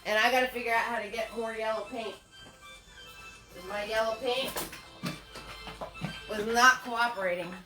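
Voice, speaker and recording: A woman's voice: on the high side, fairly even intonation, moderate pace, pauses often, music in the background. A woman hosting a live painting lesson from her home. She chats with viewers, greets them by name and laughs often. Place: home studio.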